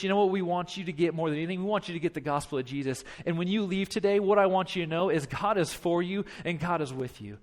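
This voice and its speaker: Man, pastor, high voice, impassioned repetitive sermon. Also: fast, few pauses. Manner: impassioned, repetitive preaching with acted-out dialogue.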